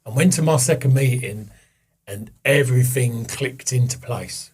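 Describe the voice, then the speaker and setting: A man guest with a husky voice, telling a candid, sweary personal story in casual chat and acting out the voices of the people he quotes. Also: mid-range voice, moderate pace, a little mellow.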